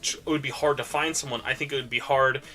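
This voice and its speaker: A man's voice: mid-range voice, steady tone, fast talker, pushed and bright. A man hosting a podcast in casual chat, talking animatedly and rambling with lots of fillers. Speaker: podcast host.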